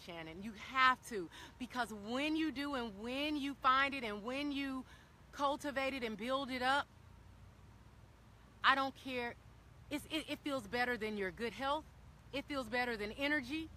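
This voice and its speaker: A woman's voice: high-pitched, unhurried, pushed and bright. A woman speaking earnestly and encouragingly to viewers on a phone camera, often repeating her key phrases for emphasis. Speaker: wellness vlogger speaking to live viewers. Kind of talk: impassioned live-stream talk. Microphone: handheld phone camera.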